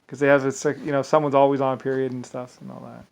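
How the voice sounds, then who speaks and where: A man's voice: medium pitch, little pitch movement, fast talker, gravelly, slight background noise. A man talking in a rambling, casual monologue, often restarting sentences and slipping into quoted asides. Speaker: vlogger.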